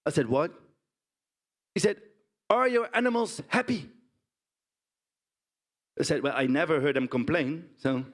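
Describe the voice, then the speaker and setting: An actor with a Dutch accent plays a blunt, indignant pig farmer in a stage monologue, often tagging lines with "huh?" and "right?". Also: male voice, fairly high pitch, unhurried, long pauses. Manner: blunt, animated storytelling with frequent "huh?" and "right?" tags. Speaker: stage performer. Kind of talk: theatrical monologue.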